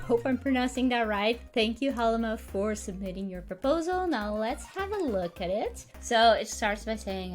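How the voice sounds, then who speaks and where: A woman's voice: a little high, animated, moderate pace, few pauses, faint music behind. A woman coaching freelancers, chatting candidly through a review of a job proposal and laughing lightly now and then.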